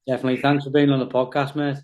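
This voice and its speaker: Quick-talking man host, sounding distant. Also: medium pitch, flat delivery, a little mellow. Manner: friendly, says mate a lot. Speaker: podcast host. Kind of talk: casual chat.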